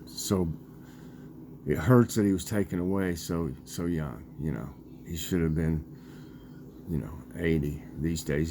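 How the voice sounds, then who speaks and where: A man in his sixties chatting casually in a vlog, rambling and halting with lots of fillers as he tells a childhood story and talks about dinner. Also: low voice, a little mellow, a little hiss or hum. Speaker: vlogger.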